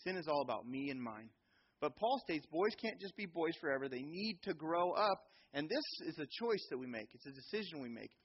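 A middle-aged man preaching a sermon in a church, animated, sometimes acting out children's voices. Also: fairly high pitch, brisk, muffled recording, a little hiss or hum. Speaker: pastor.

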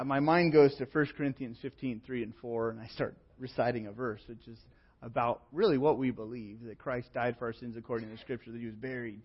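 A man preaching a sermon as pastor, telling stories in a relaxed, conversational way with plenty of fillers. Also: medium pitch, dull audio.

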